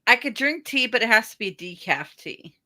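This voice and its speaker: Bright-voiced woman from the South. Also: fairly high pitch, big pitch swings, normal speed. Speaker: podcast guest. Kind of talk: casual chat.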